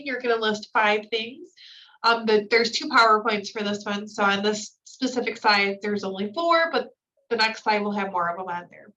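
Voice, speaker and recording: Female trainer, slightly higher voice, heard from across the room on muffled lo-fi audio; reads slides, then riffs casually. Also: bright, forceful tone. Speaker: new-hire trainer. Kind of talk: recorded training lecture. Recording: distant mic, dull lo-fi sound.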